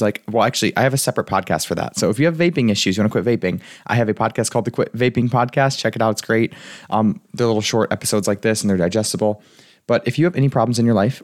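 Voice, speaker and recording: A man's voice: lowish voice, no echo, clean studio sound. A young man, a life coach, hosting his podcast in a chatty, rambling way, laughing often and saying "like" a lot. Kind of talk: casual solo podcast talk.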